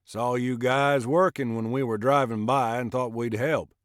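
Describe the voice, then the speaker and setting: A man putting on a slow Texas-drawling neighbor. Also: medium pitch, steady tone, dry recording, studio quality, voice pushed up, natural voice. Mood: earnest. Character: slow-drawling neighborly man who leads Bible study. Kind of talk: audiobook character reading.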